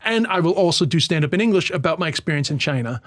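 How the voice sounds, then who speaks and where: A male stand-up comedian from Ireland, telling stories fast in casual podcast chat and swearing freely. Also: a little high, lively intonation, fairly bright tone, dry recording, clean studio sound. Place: tent.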